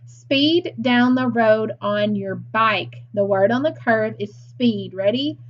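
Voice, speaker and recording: A woman teaching a phonics lesson to young children, deliberate and encouraging, with frequent praise. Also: mid-range voice, highs cut off.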